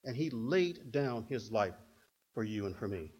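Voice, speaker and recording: An older man preaching a sermon in an animated way, acting out stories in other voices. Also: mid-range voice, a little slow, husky. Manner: animated, acts out quotes in put-on voices. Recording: dull lo-fi recording.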